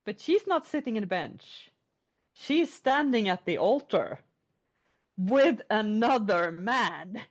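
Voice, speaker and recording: A woman retelling an old folk tale in a chatty, animated storytelling style. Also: medium pitch, takes it slowly. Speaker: podcast storyteller. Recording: lo-fi podcast audio.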